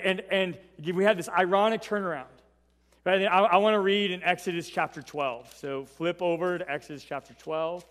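A man's voice: fairly high pitch, a bit bright, long reverb tail. A man preaching a Bible teaching in a conversational way, often checking in with "right?" as he goes. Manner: conversational, tags points with "right?".

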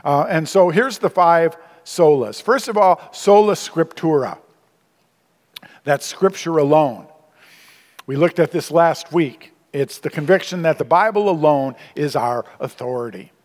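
A man's voice: fairly high pitch, a little slow, a little mellow, big-room sound. A man preaching a sermon as pastor, conversational and emphatic, with asides to the congregation. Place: church sanctuary.

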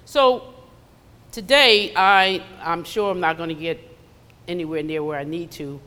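A woman's voice: lowish voice, unhurried, pushed and bright. A woman preaching a conversational sermon in a church, slipping into acted asides. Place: church sanctuary. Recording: long hall reverb.

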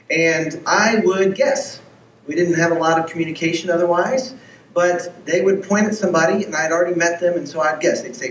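A man's voice: fairly high pitch, moderate pace, a little hiss or hum. A man preaching a sermon who tells stories and acts out the dialogue in them. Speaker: pastor. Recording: echoey room, heard from far off.

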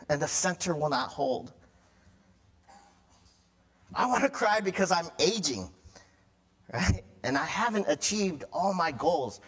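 A middle-aged man preaching in a loose, conversational way, often breaking into acted-out cries and mock tantrums. His voice sits a little high for a man and swings widely in pitch. The sermon feels animated and personal rather than formal. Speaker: pastor.

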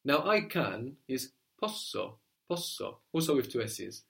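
A man teaching a spoken language lesson, explaining patiently and repeating words slowly for his student. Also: medium pitch, sing-song, vocal fry, fairly bright tone.

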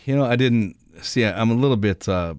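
A man's voice: mid-range voice, smooth, no room sound. A man co-hosting a fishing podcast, chatting casually and laughing readily. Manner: lively, quick to laugh. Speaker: podcast co-host. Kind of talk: casual chat.

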